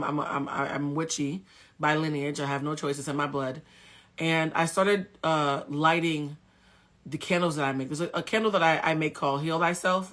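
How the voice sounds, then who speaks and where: Candid coach on a live stream, woman with a bright, forceful voice, blunt and cussing. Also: deep voice. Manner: candid, blunt, swears freely. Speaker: spiritual coach and tarot reader. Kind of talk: casual live-stream storytelling. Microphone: phone.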